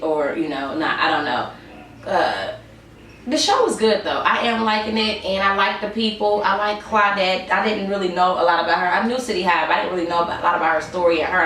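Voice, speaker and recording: Young woman vlogger, tired, chatty and sassy, slightly low voice, echoey room with faint background noise. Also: fairly bright tone. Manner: sassy, chatty, addresses viewers as y'all. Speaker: TV show reviewer. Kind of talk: casual vlog review. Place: room at home. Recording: roomy sound, mic at a distance.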